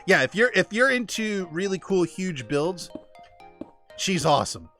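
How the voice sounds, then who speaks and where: A man's voice: sits high, sing-song, measured pace, fairly bright tone, faint music behind. A man streaming a game, chatting casually and praising friends, with frequent restarts. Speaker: gaming streamer. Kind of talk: casual chat.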